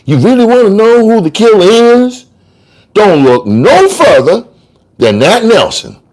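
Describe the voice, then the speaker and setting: A man's voice: fairly high pitch, huge pitch swings, a little slow, full character voice. A man voicing a street-smart male trial lawyer who argues in slangy, sing-song courtroom oratory. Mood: accusing. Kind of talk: dramatic audiobook reading.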